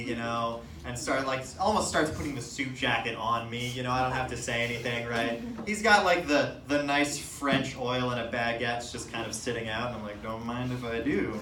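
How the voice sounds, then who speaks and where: A young man doing stand-up comedy on a stage, telling self-mocking stories in an animated, laughing way. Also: mid-range voice, noisy background. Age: young adult. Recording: echoey room from a distant mic.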